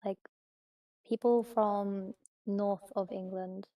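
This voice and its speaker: A woman with a mellow, dark tone chats casually as a stream guest. She speaks in an even, flat melody and keeps a relaxed, agreeable manner. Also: medium pitch, takes it slowly. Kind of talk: casual chat.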